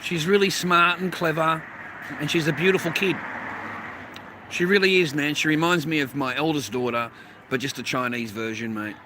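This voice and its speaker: A man's voice: on the high side, moderate pace, background noise. A middle-aged Australian man on a livestream, talking in a blunt, profane, rambling way. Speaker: livestream host. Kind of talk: unscripted livestream rant.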